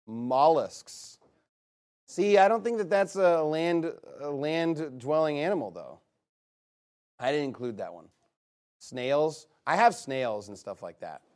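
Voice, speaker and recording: A man leading a casual game with an audience. He reads a long list aloud and breaks it up with quick, teasing asides. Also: a little high, lively intonation, darkish tone. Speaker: game leader reading out his list to players.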